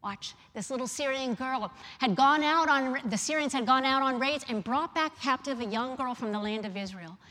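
A woman's voice: sits high, moderate pace, hardly any pauses, pushed and bright. A woman preaching a sermon, retelling a story emphatically and asking the listeners questions. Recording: long reverb of a large hall.

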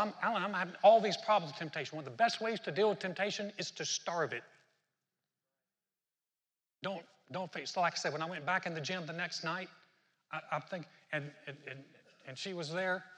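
A male pastor preaching with fervor, calling out to his listeners. His voice is bright and a little husky, and it rings with a long reverb through a big hall. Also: high voice, a little fast. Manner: fervent, talks straight to the congregation. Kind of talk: sermon.

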